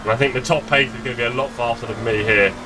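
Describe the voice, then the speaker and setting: A fast-talking middle-aged man with a steady, medium-pitched voice streams sim racing live from his home gaming room. Over a desk streaming mic, he rambles to his viewers and makes fun of himself, with some background noise.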